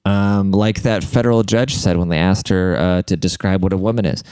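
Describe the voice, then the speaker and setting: A man's voice: deep voice, fairly even intonation, normal speed, darkish tone, smooth, dry recording. A young man rambling in a casual, profane, self-deprecating monologue as a podcast host.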